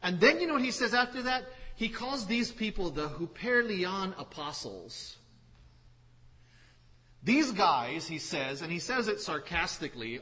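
A man's voice: fairly high pitch, big pitch swings, unhurried, pushed and bright, slightly rough. A man preaching a sermon, teaching from scripture with emphatic repetition and wry asides. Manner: emphatic, repeats phrases, wry sarcastic asides. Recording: hall reverb.

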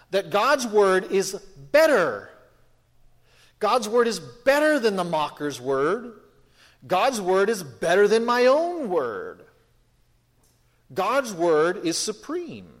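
Preacher in a reverberant hall. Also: male voice, high voice. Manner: conversational, emphatic, rhetorical questions, frequent restarts. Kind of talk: sermon.

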